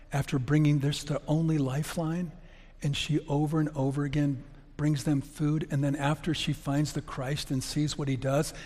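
A man's voice: mid-range voice, a little mellow. A middle-aged man preaching a sermon as pastor, in a conversational storytelling way. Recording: long reverb of a church hall.

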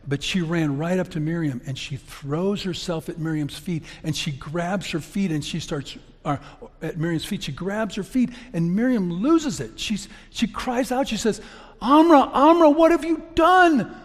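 A man's voice: a little high, normal speed, hardly any pauses, a little mellow. A middle-aged man preaching a sermon as pastor, in a conversational storytelling way. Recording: long reverb of a church hall.

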